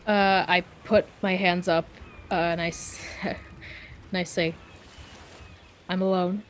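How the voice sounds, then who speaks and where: A woman's voice: on the low side, steady tone, unhurried, a little hiss or hum. A woman playing a tabletop game, describing her actions carefully and hesitantly. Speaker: player.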